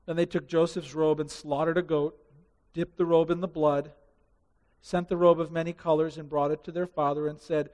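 A man preaching a sermon with passion, building to loud rising emphasis and dropping to hushed asides. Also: a little high, steady tone, a little fast, big-room sound. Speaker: pastor.

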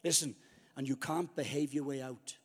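A man's voice: mid-range voice, steady tone, normal speed, long reverb tail, very noisy. A man preaching a storytelling sermon, acting out his own past thoughts.

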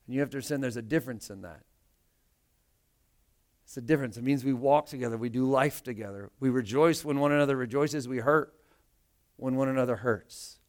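A male pastor preaching a sermon to his church, earnest in tone and often repeating words as he builds emphasis. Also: medium pitch. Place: church meeting room.

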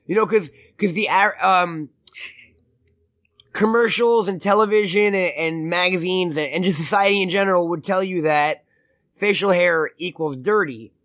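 A man's voice: high voice, moderate pace, a bit bright, dry recording, studio quality. A man co-hosting a podcast in casual, profane chat, rambling through stories and acting out what others said. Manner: rambling, profane storytelling with acted-out quotes. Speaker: podcast co-host.

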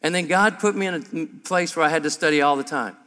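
A man preaching a sermon to a room of men, emphatic and humorous, and his voice climbs higher and louder as he builds. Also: fast talker. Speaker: pastor. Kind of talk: sermon at a men's breakfast. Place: large room before an audience. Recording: live hall with long reverb.

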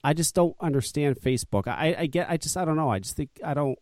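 Blunt, cursing podcast host. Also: male voice, on the high side, lively intonation, fast, darkish tone, no echo, studio quality. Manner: blunt, profane and grumbling, with frequent ranting. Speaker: podcast host and vape shop owner. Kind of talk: casual chat.

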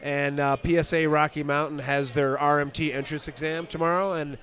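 Interviewed outdoors, this man coaches skiing and also selects for exams, and his advice comes across as practical and encouraging. His voice is fairly high and bright, a little fast, with a flat delivery.

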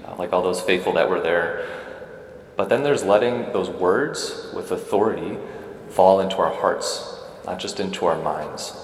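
A man's voice: low-pitched, reverberant, in a large hall, a little hiss or hum. A man preaching a homily at Mass in a conversational way, often checking in with the congregation. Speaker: Catholic priest. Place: church.

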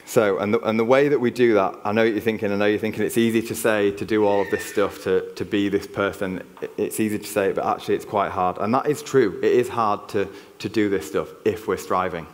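Yorkshire guy giving a sermon, lowish voice, chatty and earnest, big hall echo. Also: steady tone, fairly quick, few pauses, slight background noise. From Yorkshire, England. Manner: earnest, conversational, frequent restarts. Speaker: preacher. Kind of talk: church sermon. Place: church hall. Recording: long reverb of a church hall.

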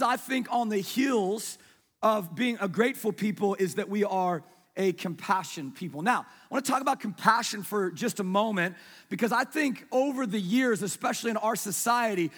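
A man preaching a sermon in a conversational way, asking his congregation questions and dropping to a hush for emphasis. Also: high-pitched, expressive, normal speed. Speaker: pastor. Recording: long reverb of a large hall.

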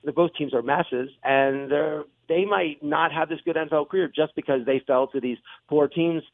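A man hosting sports radio talk, excitable and rambling as he makes his points. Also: fairly high pitch, normal speed, no room sound. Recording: tinny phone-like broadcast audio.

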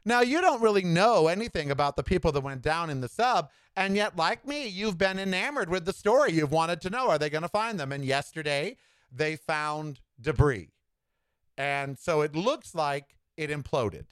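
A man's voice: expressive, normal speed, fairly bright tone, smooth, dry recording. A man hosting his own podcast, giving a sassy, opinionated monologue with campy asides and dramatic swings in delivery. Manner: dramatic swings in pitch and tempo. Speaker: podcast host.

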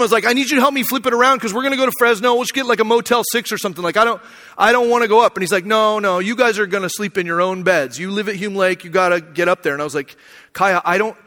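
A man's voice: sits high, bright, forceful tone, long reverb tail. A young man from Arizona, a pastor, telling a personal story in a sermon, casual and emotional, with lots of fillers.

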